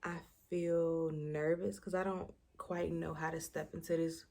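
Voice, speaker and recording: Her voice sits low with little movement in pitch, mellow and measured as she speaks. The young woman, a vlogger, chats casually to her camera late at night, reflective and at times nearly crying, often groping for words amid fillers and restarts, recorded on the camera mic.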